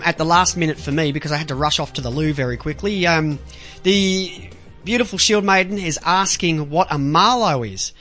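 A man's voice: fairly high pitch, sharp tone. An Australian man hosting a talk radio show, rambling casually with lots of ums, restarts and swearing, close to the mic.

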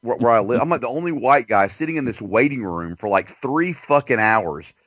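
A man's voice: mid-range voice, animated, brisk, fairly bright tone, slightly rough, dry recording. A man telling a long story in casual chat, rambling and profane. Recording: dull dry lo-fi recording.

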